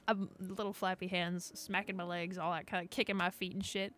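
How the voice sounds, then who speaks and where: A woman's voice: lowish voice, level tone, brisk, few pauses, fairly bright tone. A woman streamer reading fan fiction aloud on a desk microphone, gushing, giggly and swearing freely between passages. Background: faint background music.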